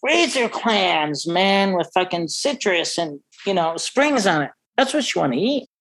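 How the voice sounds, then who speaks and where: A middle-aged man, a restaurant owner, talking brashly and profanely in a casual interview, full of excited stories. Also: high-pitched, a little slow, gravelly, rough recording. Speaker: restaurant owner and wine expert.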